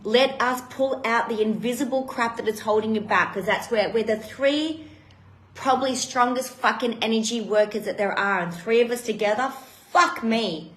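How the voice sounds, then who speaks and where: On a live stream, a woman with a highish voice speaks at a moderate pace, giving a personal talk as a retreat host. She is emotional and blunt, swears a lot, and the recording has a roomy echo.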